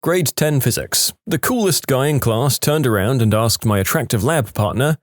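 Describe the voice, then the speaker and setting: A man narrating funny reddit stories in an expressive, storytelling way. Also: medium pitch, moderate pace, few pauses, no echo, clean studio sound.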